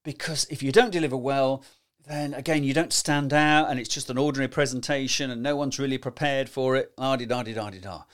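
A middle-aged man gives lively, emphatic podcast advice on presenting, often tagging his points with rhetorical questions. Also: mid-range voice, fairly quick. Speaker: presentation skills coach. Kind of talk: solo podcast advice talk.

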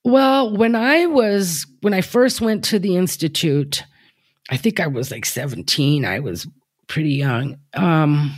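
A woman's voice: low-pitched, lively intonation, measured pace, no room sound, clean studio sound. A woman in her fifties, an artist guest, talking thoughtfully in an interview and rambling with frequent fillers. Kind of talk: reflective interview talk.

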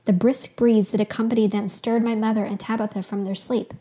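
A woman hosting a podcast, reading a fictional first-person story aloud with expressive storytelling. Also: fairly high pitch, a little fast, few pauses. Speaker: podcast host.

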